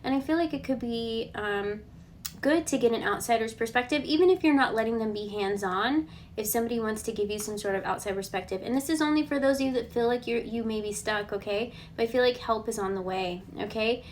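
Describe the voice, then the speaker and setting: A woman giving a casual collective tarot reading, relaxed and reassuring. She thinks aloud and often checks in with a questioning "okay?". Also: on the high side, brisk, a little hiss or hum. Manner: chatty, ends points with a questioning "okay?". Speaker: tarot card reader.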